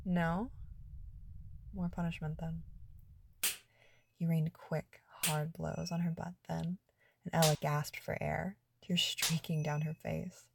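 A woman narrating an adult story in a soft, hushed, intimate reading. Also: deep voice, level tone, a little slow, creaky, background noise.

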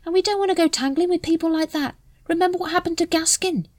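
A woman voicing a shifty, scruffy older male night watchman who mutters evasively in rough slang. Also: very high voice, quick pace, a little mellow, no echo, clean studio sound, pitched above the performer's own voice. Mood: grumbling.

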